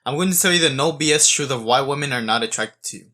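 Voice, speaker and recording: A man's voice: mid-range voice, fast, bright, forceful tone. A man in his twenties giving a blunt, profane monologue, stumbling over restarts. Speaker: self-improvement vlogger.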